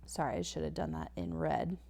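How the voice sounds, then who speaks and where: Low gravelly lady teacher, sounding out words slow n patient on a phonics lesson. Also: flat delivery, dark tone. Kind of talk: phonics lesson over slides. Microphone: tablet whiteboard recording.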